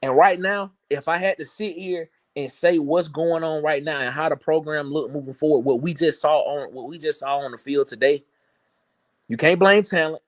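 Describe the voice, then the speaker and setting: A man's voice: fairly high pitch, moderate pace, dry recording, studio quality. A man co-hosting a casual sports reaction show, emphatic and sarcastic, often repeating words as he builds a point. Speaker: sports talk co-host.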